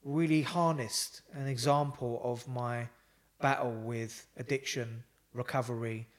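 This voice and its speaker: A man, a psychotherapist guest telling a lively story in a casual interview. He swears and laughs as he talks. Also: medium pitch, a little slow.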